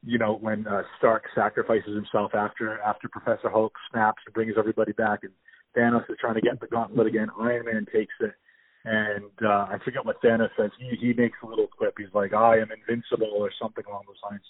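Low-voiced man, tinny phone-like sound. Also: little pitch movement, fairly quick, no room sound. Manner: enthusiastic, rambling with many fillers and restarts. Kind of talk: casual movie discussion.

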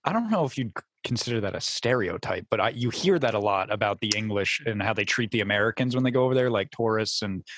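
A man with a lowish voice hosting a podcast, asking questions in loose, halting sentences with many restarts. The sound is dry and close, with little room echo. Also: expressive, fairly bright tone. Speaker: podcast host. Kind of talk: casual chat.

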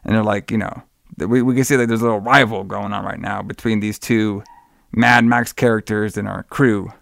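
A man's voice: on the low side, fairly even intonation, a little fast, gravelly, fairly bright tone, no echo, clean studio sound. A man co-hosting a podcast in a casual movie-review chat, rambling, laughing often and swearing freely. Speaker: podcast co-host.

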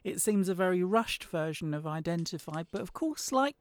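A woman's voice: lowish voice, expressive, moderate pace, no echo. Woman, podcast host, chatty interviewer, close dry sound. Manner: chatty, prompting with questions. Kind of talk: casual interview chat.

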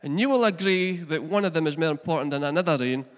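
A man's voice: fairly high pitch, fast talker, big-room sound. A middle-aged man, preaching a chatty sermon that asks the congregation questions and mixes in family stories. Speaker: pastor. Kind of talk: conversational sermon.

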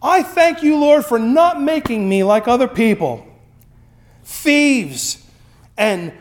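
A preacher putting on a pompous, boastful Pharisee. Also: male voice, very high voice, animated, measured pace, voice pushed up. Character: arrogant self-righteous male Pharisee praying loudly.

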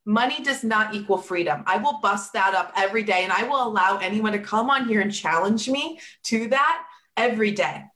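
A woman's voice: medium pitch, a little fast, fairly bright tone. A woman giving an emphatic motivational talk straight to her listeners, repeating her key points and calling them y'all. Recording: echoey room.

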